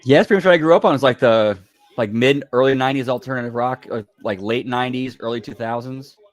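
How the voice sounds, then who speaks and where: A man's voice: medium pitch, fast talker. A man co-hosting a casual wrestling stream, giving short, offhand answers and chatting about music. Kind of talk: casual chat on a wrestling watch-along stream.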